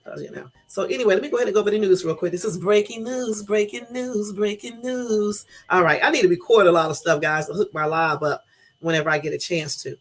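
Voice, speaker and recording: A middle-aged woman hosting her own livestream in a casual, rambling chat, talking very fast. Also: deep voice. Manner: talks very fast, chatty and rambling. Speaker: livestream host.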